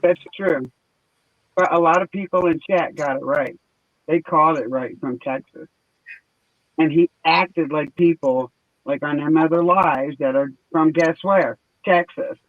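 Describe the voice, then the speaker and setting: A man's voice: on the high side, unhurried, no room sound, phone-quality sound. A man hosting a stream, chatting casually and joking, laughing often. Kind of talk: casual chat.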